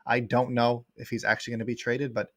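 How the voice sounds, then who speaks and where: Fast-talking man, dry close sound. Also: medium pitch, flat delivery, a bit bright, no echo. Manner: quick, rambling with many fillers. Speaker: guest sports writer. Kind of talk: casual livestream chat.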